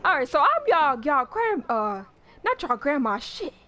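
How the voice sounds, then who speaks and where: A brash old grandmother in her seventies drawls and cusses, losing her train of thought with long uhs, as a woman puts her on. Her voice swings widely in pitch even though it sits below the woman's own very high voice. She is a character in a game role-play. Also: moderate pace, a little hiss or hum, exaggerated voice. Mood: rambling. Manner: drawling, swearing, trailing off with uhs. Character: brash, foul-mouthed grandmother, forgetful, in her 70s. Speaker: channel host.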